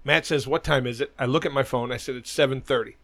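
Middle-aged guy rambling through a story, swearing, dry mic, normal pitch. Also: fairly even intonation, fast, fairly bright tone, dry recording. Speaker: podcast host. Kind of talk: casual chat.

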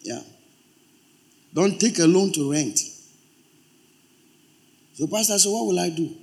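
A man's voice: high voice, slow pace, vocal fry, a little mellow. A male pastor preaching a sermon, emphatic and repeating his exhortations.

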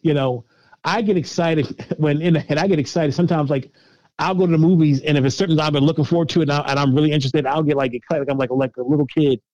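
A middle-aged man answering interview questions in a casual, animated way, often repeating words as he thinks and laughing easily. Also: fairly high pitch, fast talker, no echo. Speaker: guest filmmaker. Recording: dull lo-fi dry sound.

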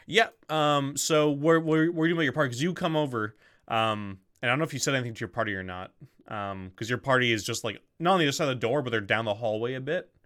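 A man's voice: mid-range voice, quick pace, a bit bright. A man narrating as game master of a tabletop game, hesitant, with many ums and restarts.

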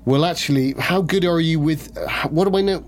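A man's voice: fairly high pitch, brisk. A man playing a tabletop game, talking casually, joking, and correcting himself as he goes. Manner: playful, rambling, self-correcting. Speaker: player.

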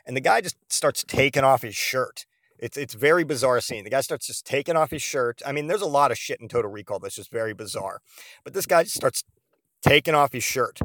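A man spinning a comic tale on his podcast, rambling and swearing freely, with plenty of "uh" and "you know". His voice sits at an ordinary middle pitch. The sound is dry and close, with almost no room around it. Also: expressive, a little fast, a bit bright, no room sound. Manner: rambling, profane, lots of fillers. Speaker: podcast host. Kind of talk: casual comedic storytelling.

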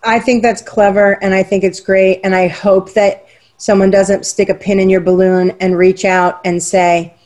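Older woman, podcast co-host, casual chat, warm, optimistic. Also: medium pitch, little pitch movement, normal speed.

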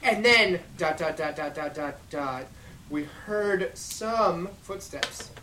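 Low, lively woman reading aloud in a roomy space. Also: takes it slowly, noisy background. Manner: giggly, theatrical reading. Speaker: podcast host. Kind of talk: reading fan fiction aloud for laughs. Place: home dining room. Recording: echoey room, mic at a distance.

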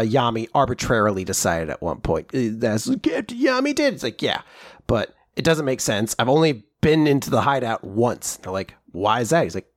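A man co-hosting a podcast, recapping manga chapters in casual chat, joking and sarcastic, acting out characters in quick voices. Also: mid-range voice, fairly bright tone, dry recording, clean studio sound. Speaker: podcast co-host.

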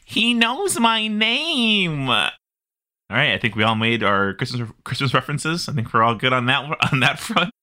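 Podcast co-host, male, very bright tone, jokey and quick with asides. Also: medium pitch. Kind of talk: casual chat.

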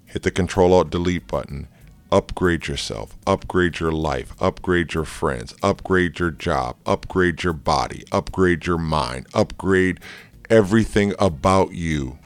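A man's voice: deep voice, unhurried. A married man, a life coach, giving a casual, jokey motivational talk with many fillers. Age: adult, married with kids. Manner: energetic and jokey, loose with fillers.

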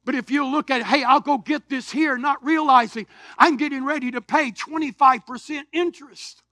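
A man, preaching a sermon in a church, animated storytelling that swings from shouts to quiet asides. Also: extremely high pitch, moderate pace, hardly any pauses, dry recording, clean studio sound. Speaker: pastor. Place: church sanctuary.

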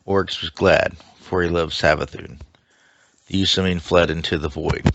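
A man reading a dark myth aloud in a steady storytelling manner, through a dull lo-fi mic with faint hiss. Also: deep voice, moderate pace, vocal fry, dry recording. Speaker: lore reader.

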